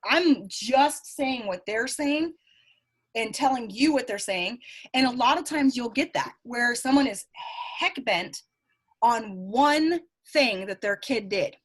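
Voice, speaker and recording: A woman with a Southern US accent, a psychic medium guest telling animated stories in a casual interview, acting out the voices she quotes. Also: fairly high pitch, takes it slowly, slightly rough.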